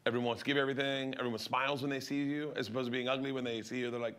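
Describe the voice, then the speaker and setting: A middle-aged man, a comedian, telling crude stories in an animated way and laughing at his own jokes. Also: medium pitch, very fast, clean tone. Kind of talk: comic storytelling.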